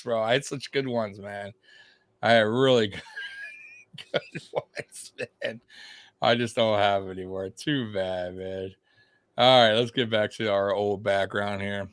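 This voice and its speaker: Chatting loosely over a live fight, a podcast co-host keeps repeating himself and laughing as he rambles. He has a fairly low, slightly bright voice, recorded with no room sound.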